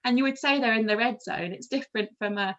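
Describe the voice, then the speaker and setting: A woman's voice: a little high, fast, fairly bright tone, muffled recording. A woman with an English accent, a wellbeing practitioner, leads a carers' workshop and explains things in a friendly way with many fillers. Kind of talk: online group workshop talk.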